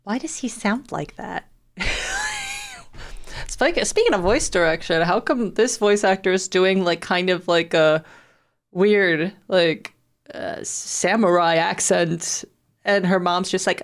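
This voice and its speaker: A woman's voice: fairly low pitch, takes it slowly. A young woman streaming a game, rambling wryly with frequent laughs and the odd swear. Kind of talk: casual game commentary.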